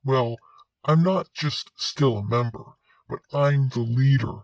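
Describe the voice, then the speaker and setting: An actor playing a male cult leader on a talk show, who rambles in a calm, self-assured and surreal way. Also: mid-range voice, slow pace, no echo. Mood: serene, rambling.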